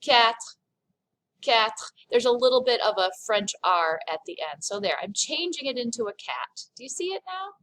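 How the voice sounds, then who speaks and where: A woman's voice: on the high side, sing-song, fairly quick, hardly any pauses, fairly bright tone, low-quality recording. A woman French teacher giving a recorded online lesson, explaining pronunciation patiently and step by step.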